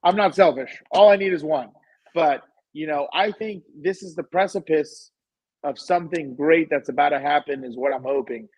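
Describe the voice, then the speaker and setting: A man with a fairly high voice, talking in a dry, close-miked way. He co-hosts a casual sports podcast and argues his points with emphasis, circling back and repeating phrases. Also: normal speed, a little mellow, slightly rough, dry recording, rough recording. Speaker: podcast co-host.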